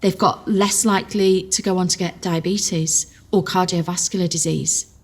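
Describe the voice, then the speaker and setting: A woman nutritional therapist explaining dietary fats clearly, using everyday examples. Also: on the low side, fairly even intonation, normal speed. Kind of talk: explanatory talk.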